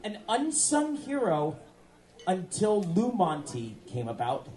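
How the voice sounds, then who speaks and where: A man's voice: high voice, huge pitch swings, slow, darkish tone, soft background music. A man bantering on a club stage, joking and hyping up the crowd. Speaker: bandleader.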